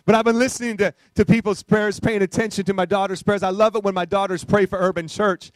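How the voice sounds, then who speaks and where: High-voiced man preaching a lively sermon. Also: quick pace, few pauses, no echo. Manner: animated, conversational, frequent rhetorical questions. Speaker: pastor.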